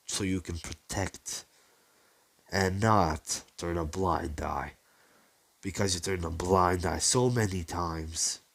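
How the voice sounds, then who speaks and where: A man voicing a slow, gravelly vengeful young ninja. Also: deep voice, a bit bright, full character voice.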